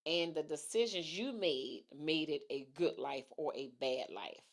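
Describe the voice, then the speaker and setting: A middle-aged woman hosts a casual livestream talk show, reading viewer comments aloud, thinking out loud and repeating her phrases. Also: low voice, lively intonation, unhurried.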